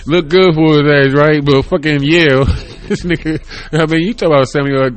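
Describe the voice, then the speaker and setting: A man's voice: a little high, steady tone, normal speed. A man in his thirties hosting his own podcast, rambling casually, laughing often and swearing freely. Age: 30s. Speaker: podcast host. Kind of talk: casual solo chat. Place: home room.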